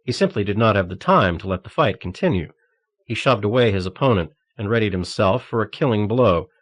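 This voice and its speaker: A man narrating an audiobook thriller in a steady, measured reading. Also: lowish voice, no room sound.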